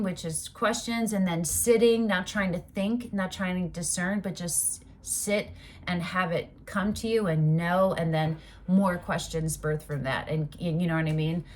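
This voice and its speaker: A woman giving a casual tarot reading, talking emphatically and animatedly, with swearing and loud outbursts. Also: on the low side. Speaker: tarot reader.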